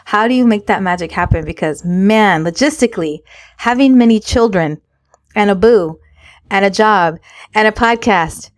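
A woman in her forties talks candidly as a podcast co-host, her voice sitting at an ordinary middle pitch. She tells stories with a lot of emphasis, repeats phrases to drive them home and acts out lines of dialogue. The sound is dry and close, with no room echo. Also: moderate pace. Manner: animated storytelling, acts out her own and her kids' lines. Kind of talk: candid casual chat.

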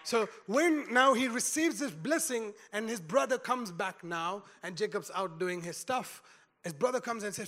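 A man preaching a sermon, retelling a scripture story in a storytelling way and building to loud emphasis. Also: sits high, animated, normal speed. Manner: storytelling, acts out quotes, rising to loud emphasis.

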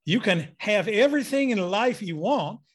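A man putting on the Southern drawl of an older male motivational speaker, delivering a famous line slowly and with emphasis. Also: sits high, expressive, voice pushed up. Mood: grand. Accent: attempted American Southern drawl.

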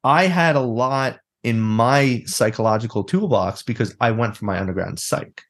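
A man's voice: medium pitch, moderate pace. A man talking bluntly and animatedly as a guest in a casual interview, swearing freely. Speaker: guest, therapist and mindset coach.

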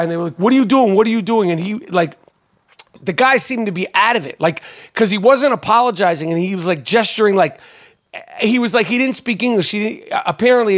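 High-voiced man telling a wild story. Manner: animated, profane, talks with lots of fillers and restarts. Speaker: podcast host. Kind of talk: casual podcast storytelling.

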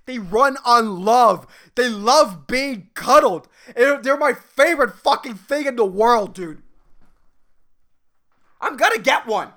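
A man's voice: very high-pitched, sharp tone. A young man hosting a podcast, rambling through a comedic rant full of slang and swearing, often laughing at his own jokes. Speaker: podcast host.

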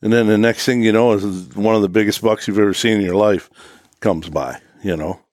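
A man's voice: fairly low pitch, brisk, darkish tone, no echo, clean studio sound. A man, co-hosting a podcast and telling hunting stories in a folksy, drawling way. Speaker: podcast co-host. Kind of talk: casual chat.

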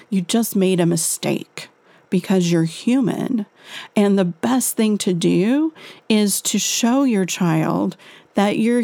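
A woman, a parenting author, giving gentle and reassuring advice to parents in a monologue. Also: medium pitch, creaky, no room sound.

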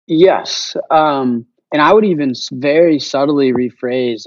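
A man talking as a podcast guest, passionate and fast-flowing, swearing casually as he makes his case. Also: mid-range voice, dry recording, highs cut off. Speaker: guest, payments company founder. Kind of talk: energetic podcast interview.

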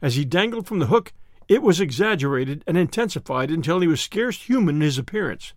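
A man narrating a story in the first person, expressive and storytelling. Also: a little high, a little fast, no echo, studio quality. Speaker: audiobook narrator.

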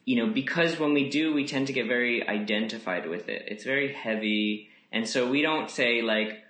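A man speaking as a podcast guest on yoga, in a gentle, musing way, full of "you know" fillers. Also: mid-range voice, moderate pace, echoey room. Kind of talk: reflective casual conversation.

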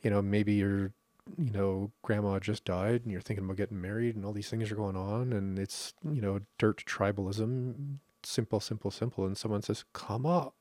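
Low-voiced rambling Canadian man. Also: fairly even intonation, moderate pace, a little mellow, no echo. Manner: rambling, laughs often, many restarts. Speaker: podcast host. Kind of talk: casual conversational podcast talk.

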